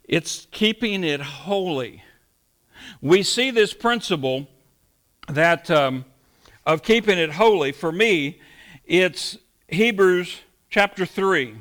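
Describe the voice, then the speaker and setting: A man preaching a sermon with a high, bright voice. He teaches verse by verse in a relaxed, conversational way, then lifts his voice for emphasis. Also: slow, pauses often. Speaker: pastor.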